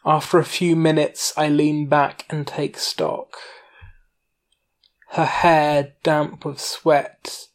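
A narrator tells an erotic story in the first person, taking each line very slowly and intimately. The voice has a gravelly, crackly texture, and the telling never rushes. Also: mid-range voice.

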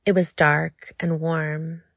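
A woman narrating an audiobook in a slow, intimate, low-key reading. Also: little pitch movement, creaky, no echo, studio quality.

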